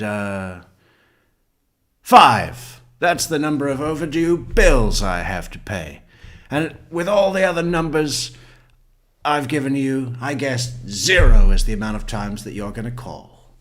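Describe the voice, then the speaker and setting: A man putting on the voice of a fierce, sharp-tongued young single mother and delivering her lines punchily. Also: medium pitch, voice pushed up. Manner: sassy, emphatic, punchy delivery.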